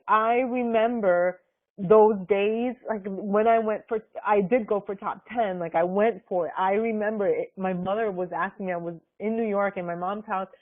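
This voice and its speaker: A woman leading a team call, gushing and effusive, full of fillers. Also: mid-range voice. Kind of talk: conference call chat. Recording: tinny phone-like line.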